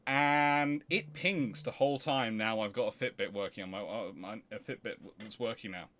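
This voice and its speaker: A man hosting a history livestream, chatting casually in an excitable, rambling way with frequent restarts. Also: fairly low pitch, moderate pace.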